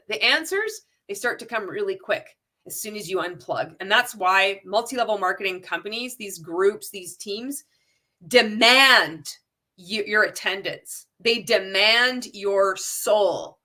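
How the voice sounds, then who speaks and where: A woman's voice: a little high, pushed and bright. A woman talking straight to her viewers in a casual commentary, firing off rhetorical questions and often restarting her sentences. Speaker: anti-MLM video creator. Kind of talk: casual direct-to-camera commentary.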